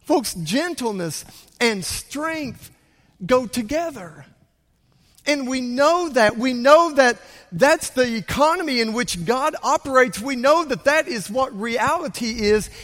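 A man preaching a sermon as pastor, swinging from quiet asides to loud bursts. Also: extremely high pitch, expressive, slow, in a large hall.

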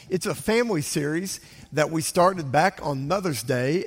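An older man delivers a Sunday sermon from the pulpit, his voice sitting a little high for a man. He tells stories in lively swings, dropping to hushes and rising to loud bursts. The sound rings out with the long reverb of a large church sanctuary. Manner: storytelling with hushed whispers and sudden loud bursts. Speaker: pastor.

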